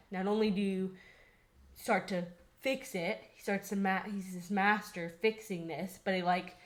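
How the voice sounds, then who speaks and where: A young woman in casual conversation, earnest and a bit out of breath, her sentences looping through filler words. Her pitch sits in a middle range and her tone is heartfelt. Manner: earnest, rambling with many "like" fillers. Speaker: podcast co-host.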